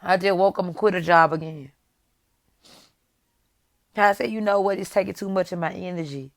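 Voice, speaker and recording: A woman's voice: on the low side, moderate pace. A young adult woman vlogging candidly and emphatically, addressing her viewers directly and repeating her points. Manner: emphatic, repetitive, talks straight to viewers. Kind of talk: candid motivational vlog talk.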